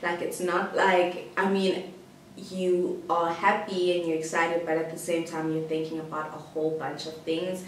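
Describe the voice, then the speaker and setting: A young South African woman vlogs a personal story to camera, rambling and giggling, with many "like" fillers. Her voice is lowish and flat, at a moderate pace. The recording has a roomy echo, a distant mic and faint hiss.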